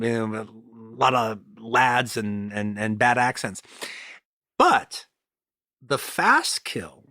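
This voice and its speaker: Bright and forceful in a mid-range voice, this man co-hosts a podcast where he gushes about old films, rambling and frequently starting his thoughts over. It's a casual film chat recorded in studio quality with no echo.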